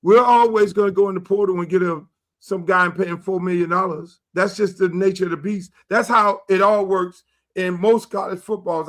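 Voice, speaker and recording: A middle-aged man hosting a sports talk show, animated and profane, acting out quoted dialogue as he rants. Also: high voice. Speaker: show host.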